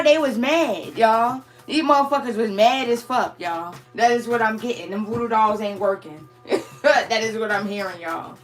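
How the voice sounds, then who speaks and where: Cussing woman doing a spiritual reading, kinda high voice, soft music under it. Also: normal speed. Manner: blunt, profane, laughs often. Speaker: tarot reader.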